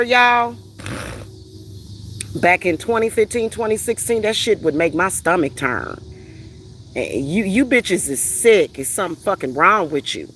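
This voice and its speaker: A woman's voice: medium pitch, fairly bright tone, slight background noise. A heated, profane woman ranting on a livestream. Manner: reads out viewer comments and retorts. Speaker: spiritual reader hosting a livestream. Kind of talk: livestream rant answering chat.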